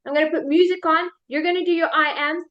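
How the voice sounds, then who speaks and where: Woman, life coach, high voice, upbeat, chant-leading, dull lo-fi sound. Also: steady tone, quick pace. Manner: upbeat, leads chants and repeat-after-me drills. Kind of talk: guided motivational workshop video.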